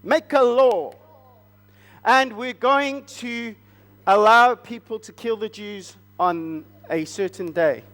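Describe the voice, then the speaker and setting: A man's voice: sits high, takes it slowly, a bit bright, long reverb tail. A man voicing an eager king who gushes praise in a church children's story. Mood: gushing. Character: flattering, eager male king.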